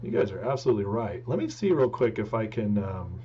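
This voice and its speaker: A man's voice: on the low side, sing-song, fairly quick. Rambling, joking male live-stream host. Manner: joking, rambling, trying to speak softly. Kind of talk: casual live-stream talk. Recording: dull lo-fi with faint hum.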